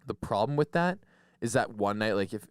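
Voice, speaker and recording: A man's voice: fairly low pitch, expressive, moderate pace, smooth, dry recording, studio quality. A young man co-hosting a podcast, telling crude party stories in casual chat. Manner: crude storytelling, swears a lot. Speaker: podcast co-host.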